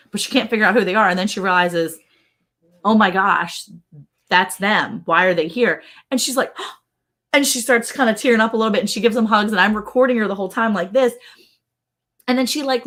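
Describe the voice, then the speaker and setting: A middle-aged woman hosting a casual live-stream chat. She tells family stories with animation, laughs often, and jumps her voice up to act out relatives' lines. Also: mid-range voice. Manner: animated storyteller who acts out relatives' lines in a raised voice; laughs often while talking. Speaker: host.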